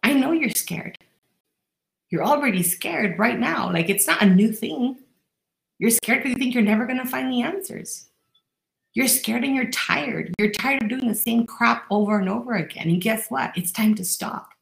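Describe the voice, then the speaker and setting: Gravelly-voiced woman life coach, roomy echo. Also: on the high side, moderate pace. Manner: earnest, direct, addresses listener as you. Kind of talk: motivational podcast monologue.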